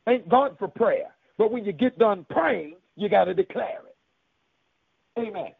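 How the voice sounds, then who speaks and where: A man preaching a radio sermon, making loud declarations and at times speaking in tongues. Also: sits high, lively intonation, measured pace, creaky, breathy edge, no room sound. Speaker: pastor. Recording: tinny phone-like radio line.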